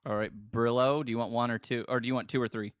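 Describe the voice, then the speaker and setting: A man with a mid-range voice runs a tabletop game. He talks casually and briskly while directing the players. The recording is close and dry. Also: medium pitch, steady tone, clear, resonant tone, no echo. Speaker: game master.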